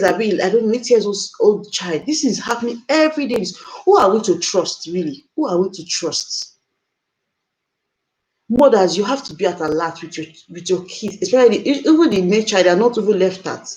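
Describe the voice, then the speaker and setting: A woman's voice: medium pitch, a little mellow, low-quality recording. A woman hosting a live stream, talking to viewers in a distressed, emotional, exclaiming way. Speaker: livestream host.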